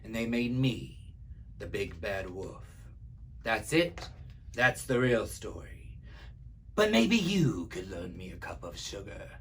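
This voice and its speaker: A man's voice: on the low side, sing-song, slow pace, long pauses, fairly bright tone, slight background noise, heavily acted. A man reading a children's story aloud as an easygoing male wolf who tells his own side in a chatty, wry, confiding way. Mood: sly. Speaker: library storyteller.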